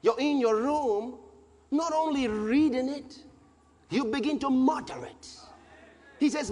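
A male preacher delivering a sermon emphatically, repeating phrases and breaking into shouts. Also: very high voice, measured pace, pauses often. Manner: emphatic, repetitive, bursts into shouts. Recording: long hall reverb, faint background noise.

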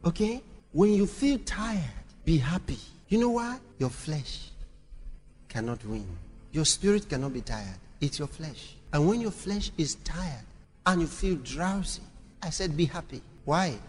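A man preaching a sermon, moving from quiet storytelling to shouted exhortation. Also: a little high, in a large hall.

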